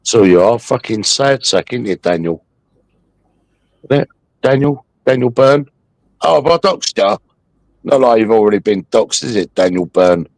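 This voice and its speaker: A man's voice: lowish voice, animated, a little slow, long pauses, a little mellow, no room sound. A man hosting a livestream, taunting a viewer in a mocking, aggressive rant full of swearing. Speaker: livestream host.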